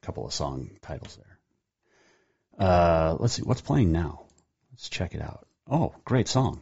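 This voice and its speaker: Man, radio host, very low voice, folksy and rambling, dull lo-fi sound. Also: sing-song, measured pace, vocal fry, long pauses, darkish tone, slightly rough, soft background music. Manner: rambling, folksy, self-correcting. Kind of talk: casual radio talk with ad reads.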